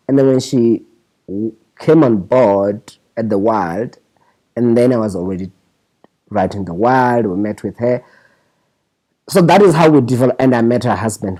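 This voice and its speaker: A man's voice: mid-range voice, rough recording. A South African scriptwriter being interviewed, telling his stories with animation and often restarting his phrases. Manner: animated, restarts phrases, mimics others' voices in quotes. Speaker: scriptwriter guest. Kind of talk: candid interview storytelling.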